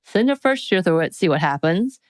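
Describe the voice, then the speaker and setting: A woman's voice: fairly low pitch, animated, brisk, dry recording, studio quality. A woman co-hosting a podcast, reading quiz questions aloud in a playful, casual chat. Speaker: podcast co-host.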